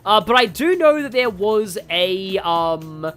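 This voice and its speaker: A chatty man commenting on a video game as he plays, rambling and joking. His voice is bright and lively in pitch, with faint game music beneath. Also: slow, clear, resonant tone. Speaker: gaming YouTuber. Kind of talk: casual let's-play commentary.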